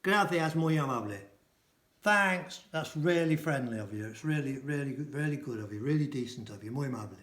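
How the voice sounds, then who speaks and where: A man teaching a casual language lesson, repeating each phrase slowly and translating it. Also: medium pitch, lively intonation, a bit bright, roomy sound. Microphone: camera mic.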